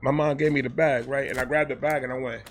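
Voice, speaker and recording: A man telling a comedic personal story as host, animated and profane, acting out quotes along the way. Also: mid-range voice, fast talker.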